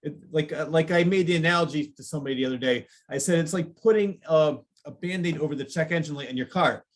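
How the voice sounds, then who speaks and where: A man's voice: on the high side, fast talker. A man hosting an interview show, talking casually and laughing along with his guest. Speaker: podcast host. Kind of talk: casual chat.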